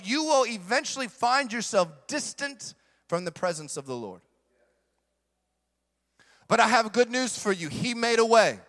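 This is a sermon from a middle-aged male pastor whose high, bright voice drives home his message with emphatic force, repeating the key lines. A large hall's long reverb trails behind every phrase.

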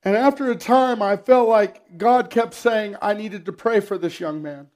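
A middle-aged man preaching a sermon, telling personal stories with dry humor and often clearing his throat. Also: high voice, unhurried, darkish tone. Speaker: pastor.

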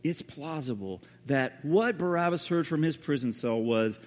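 A man preaching a sermon as a pastor, telling the story dramatically and often dropping to a hushed voice. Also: a little high, expressive, moderate pace, few pauses. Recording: reverberant hall.

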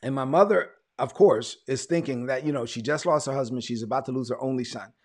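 A man's voice: mid-range voice, a little fast, a little mellow. A man, a pastor telling his testimony in a sermon, repeating words as he tells the story. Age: 40s.

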